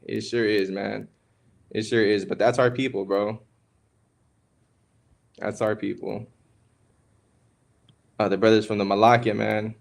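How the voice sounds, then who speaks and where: A man's voice: fairly low pitch, flat delivery, unhurried, vocal fry, long pauses. A young man co-hosting a podcast, giving casual religious teaching on marriage in a conversational, preachy way. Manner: conversational, preachy, calls listeners "man" and "bro". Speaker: podcast co-host.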